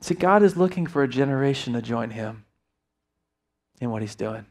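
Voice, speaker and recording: A middle-aged man preaching a sermon, telling a family story with lively acted-out dialogue before a quiet prayer. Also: mid-range voice, moderate pace. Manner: animated storyteller acting out family dialogue, then hushed prayer. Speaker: pastor.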